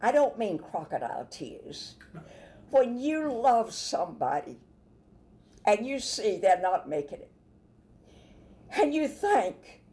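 A woman preaching a Bible sermon, emphatic, with sudden loud bursts and soft asides. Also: medium pitch.

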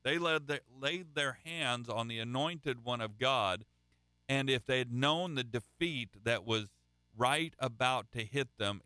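Man, preacher, sermon, bright tone, folksy storytelling, dry close recording. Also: mid-range voice, measured pace, smooth, no room sound. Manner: conversational preaching with restarts and folksy stories.

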